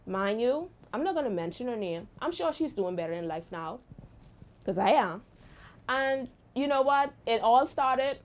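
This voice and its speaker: A young adult woman hosting a show, telling a personal story in a lively, animated way. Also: a little high. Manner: lively, animated retelling with exclamations. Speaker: host. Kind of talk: storytime monologue.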